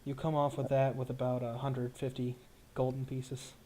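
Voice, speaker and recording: A man's voice: medium pitch, completely flat delivery, moderate pace, background noise. A man narrating as game master in a tabletop game, in loose, casual narration full of fillers.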